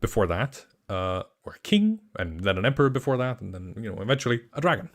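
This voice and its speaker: A young man from Iceland, a game master chatting casually on a livestream, rambling and excitable with many restarts. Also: medium pitch, quick pace. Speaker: game master and channel creator. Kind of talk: casual livestream chat answering questions.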